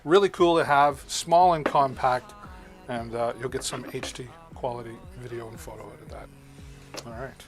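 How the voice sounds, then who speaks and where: A man's voice: mid-range voice, very animated, moderate pace, faint music behind. A man hosting a live shopping stream, chatting casually and greeting viewers by name as he demos products. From Canada.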